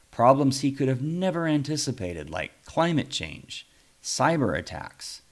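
A man, a pastor, reading his own first-person story aloud in a reflective, wry way. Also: fairly low pitch.

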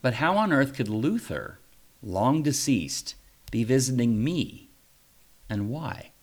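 A man's voice: medium pitch, big pitch swings, takes it slowly. A man, a pastor, reading his own first-person story aloud in a reflective, wry way.

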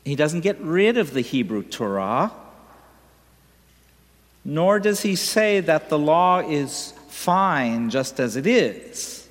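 A man's voice: a little high, very animated, slow pace. A man reads scripture and preaches in a large church, his slightly raised voice moving expressively up and down. The reverb hangs long behind every phrase. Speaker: preacher reading the gospel at a church service. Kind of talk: liturgical reading and homily.

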